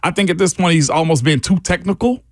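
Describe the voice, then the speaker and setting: A man's voice: high-pitched, quick pace, no room sound, studio quality. A man co-hosting a sports radio show, talking bluntly and in restarts as he breaks down line play. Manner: blunt, repeats himself, frequent restarts. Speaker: sports radio co-host, former lineman analyst.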